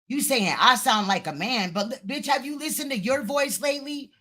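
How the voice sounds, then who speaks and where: A woman's voice with a bright, sharp edge fires off profane insults in a heated livestream rant. She is a host answering back with crude, cutting retorts. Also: a little high, lively intonation, moderate pace. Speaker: live stream host.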